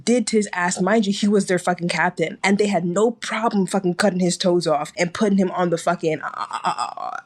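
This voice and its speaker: A woman's voice: on the low side, a little fast, few pauses. A woman co-hosting a podcast in casual chat, ranting animatedly and swearing a lot, with constant "like" fillers. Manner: animated, profane, ranting with lots of "like". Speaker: podcast co-host.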